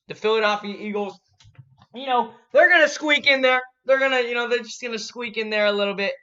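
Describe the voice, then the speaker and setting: A young man hosting a casual sports prediction vlog, hyped and swinging from quiet muttering to loud shouts. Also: sits high, lo-fi sound. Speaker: sports channel host.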